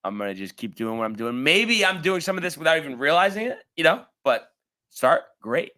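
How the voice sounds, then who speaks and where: A man co-hosting a casual sports talk show, telling a rambling story with lots of "like" and "you know". His voice swings up and down a great deal and has a bright, forceful edge. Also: fairly high pitch, fairly quick. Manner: animated storyteller, rambling with many fillers. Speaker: podcast co-host.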